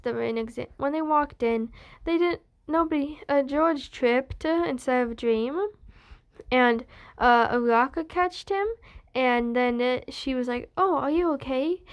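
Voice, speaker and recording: Brief: woman with a higher voice, loosely recounting a fan story at a slow, halting pace. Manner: meandering, full of restarts and "being like". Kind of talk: rambling spoken retelling of a fan story.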